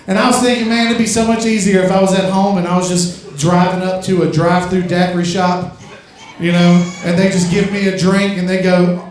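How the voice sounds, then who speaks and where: Stand-up comic, male, from Louisiana; high-pitched, rambling delivery that builds to shouted rants, far off the mic. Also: little pitch movement, brisk. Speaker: stand-up comedian. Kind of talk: stand-up comedy set. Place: comedy club stage. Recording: echoey club from far off mic.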